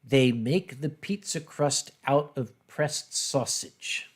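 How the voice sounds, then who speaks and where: A man hosting a casual drinking livestream, talking in a blunt, brash and animated way. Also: medium pitch, slow pace, slightly rough. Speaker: livestream host. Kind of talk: casual drinking-stream chat.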